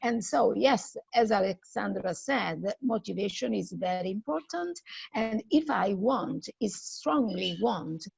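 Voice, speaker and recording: A woman's voice: medium pitch, expressive, a little slow, vocal fry, a little mellow, breathy edge, no echo, lo-fi sound. A woman from Italy whose first language is Italian, sharing thoughtful views in a casual English practice chat. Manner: thoughtful, repeats words while finding phrasing. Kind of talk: casual group conversation. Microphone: video call.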